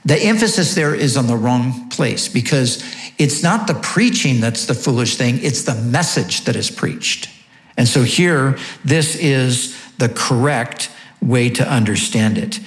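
A man's voice: medium pitch, lively intonation, measured pace, echoey room. A man preaching a sermon, teaching emphatically and asking rhetorical questions. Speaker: pastor.

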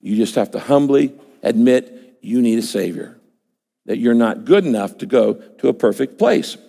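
A man's voice: medium pitch, animated, normal speed, gravelly, mellow, slightly rough. A man preaching a sermon, emphatic and conversational, often acting out his listeners' imagined words. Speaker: pastor. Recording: long hall reverb.

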